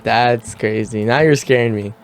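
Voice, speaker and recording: A man's voice: medium pitch, moderate pace, a little hiss or hum. Young man, casual podcast host. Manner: relaxed, brief reactions and slangy asides.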